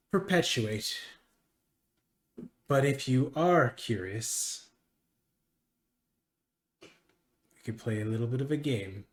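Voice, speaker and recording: Man playing a smug mage official, condescending, slow delivery, roomy echo. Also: mid-range voice, natural voice. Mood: scornful.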